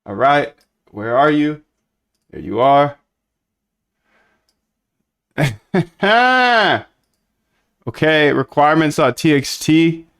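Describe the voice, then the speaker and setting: A man's voice: fairly high pitch, big pitch swings, very slow, long pauses, a bit bright. Chatty man thinking aloud while coding. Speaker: coding streamer. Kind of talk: casual live-coding chat.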